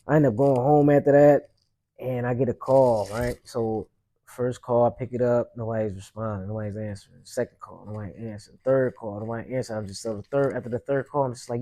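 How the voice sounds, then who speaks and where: Man, young adult, mellow dark tone, casual monologue, slangy, rambling, lots of fillers. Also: medium pitch, fairly even intonation, brisk. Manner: loose, rambling street slang with many fillers. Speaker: podcast host.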